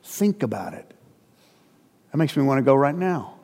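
A man in his sixties preaching a sermon in a relaxed, conversational way, often asking the congregation rhetorical questions and slipping in folksy jokes. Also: mid-range voice, normal speed. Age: 60s. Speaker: pastor. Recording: long hall reverb.

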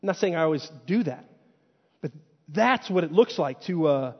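A man's voice: a little high, expressive, normal speed, breathy edge. A man preaching a sermon in a conversational way. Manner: conversational, acts out quoted inner voices. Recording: dull lo-fi sound with long hall reverb.

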